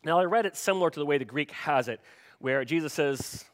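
A man's voice: fairly high pitch, a little fast. A man preaching a sermon in a conversational way, often turning to ask the congregation questions. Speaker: pastor.

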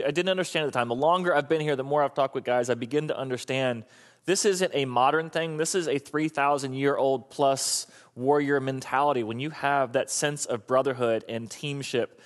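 A man in his thirties preaching a sermon, telling the story with animated, acted-out voices. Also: mid-range voice. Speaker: pastor.

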